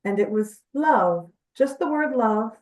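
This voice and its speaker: A woman's voice: fairly high pitch, animated, takes it slowly, darkish tone, recorded from a distance. A woman guest in an interview, telling her experiences and explaining in an earnest, chatty way. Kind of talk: conversational interview storytelling. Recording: echoey room, off-mic.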